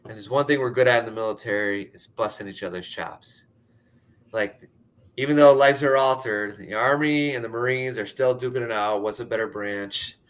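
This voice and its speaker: Man, 30s, from Pennsylvania; candid conversational storyteller, mid-pitched. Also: normal speed. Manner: candid, conversational, uses "like" often. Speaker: speaker sharing his story. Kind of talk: personal storytelling talk.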